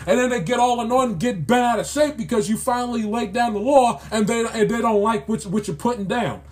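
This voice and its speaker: High pitched guy ranting about sports, exasperated, scolding, keeps repeating himself. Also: a little fast, hardly any pauses. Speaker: sports commentator. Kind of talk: ranting commentary.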